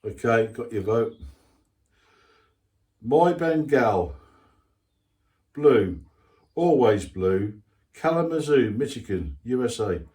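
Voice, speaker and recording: A man's voice: medium pitch, very animated, takes it slowly, pauses often, a little mellow. An older man hosting his hobby channel, chatting casually and reading out viewer comments in a rambling, self-mocking way with lots of asides.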